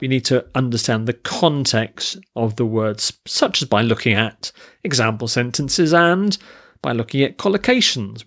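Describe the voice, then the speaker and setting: A man teaching an English vocabulary lesson, listing word forms and reading example sentences carefully. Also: medium pitch. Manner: slow, deliberate, spells out word forms and stress.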